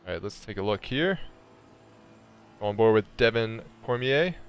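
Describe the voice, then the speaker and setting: A man's voice: fairly low pitch, expressive, a little slow, clear, resonant tone, lo-fi sound. A man giving casual, joking commentary on an online sim race. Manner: joking, laughs often, jokey put-on accents.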